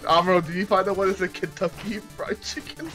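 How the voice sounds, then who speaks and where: A man hosting a late-night stream over a voice call, rambling through jokes with his friends. He laughs a lot, restarts his sentences and keeps the talk loose and casual. His voice sits at an average pitch for a man, with a little music playing faintly underneath. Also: lively intonation, a little fast, bright, forceful tone. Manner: laughs often, chatty, stumbles over words. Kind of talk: casual voice-chat banter.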